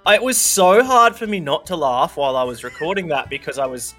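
A man's voice: fairly high pitch, sing-song, fairly quick, fairly bright tone, soft background music. A young man co-hosting a podcast in casual chat, laughing often and poking fun at himself. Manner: laughs often, chatty and self-mocking. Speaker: podcast co-host.

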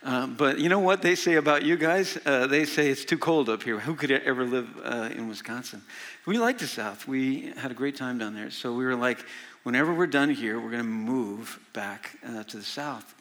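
The long reverb of a large church hall surrounds a man in his sixties, a senior pastor, delivering a folksy, story-driven sermon with many filler sounds. His medium-pitched voice is a bit bright and moves at a moderate pace.

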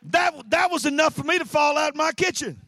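A man, a pastor preaching an energetic sermon with frequent shouts and repeated phrases. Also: extremely high pitch, brisk, gravelly, no room sound.

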